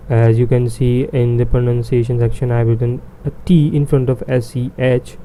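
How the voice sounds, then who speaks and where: A man's voice: medium pitch, fairly even intonation, moderate pace, hardly any pauses, mellow, low-quality recording. A man teaching a beginner language lesson, repeating each sound several times with many fillers.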